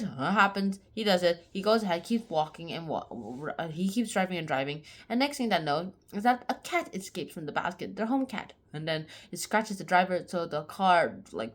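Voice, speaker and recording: A woman casually retelling a short story in her own words, rambling and often correcting herself mid-sentence. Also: medium pitch. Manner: rambling, self-correcting, chatty.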